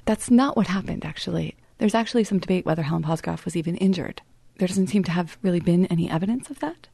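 Female author guest, reflective storyteller, warm low tone. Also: fast, vocal fry, slightly rough, dry recording. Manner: thoughtful, storytelling, drops to soft near-whisper at grim points. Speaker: author and writing teacher. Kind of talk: interview guest explaining.

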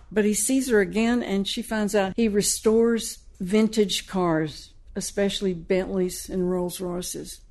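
A woman novelist in a conversational interview, retelling her story's plot in a lively, storytelling way. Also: mid-range voice. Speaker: novelist discussing her book. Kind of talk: conversational book discussion.

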